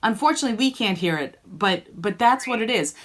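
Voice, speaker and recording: A woman's voice: mid-range voice, animated, brisk. A woman singing teacher coaching students by name in an online group lesson, encouraging them and demonstrating sung vowels.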